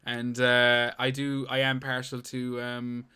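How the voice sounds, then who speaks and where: A man's voice: mid-range voice, monotone, slow, sharp tone, smooth. A young man co-hosting a podcast, rambling, joking and swearing in casual banter. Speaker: podcast co-host.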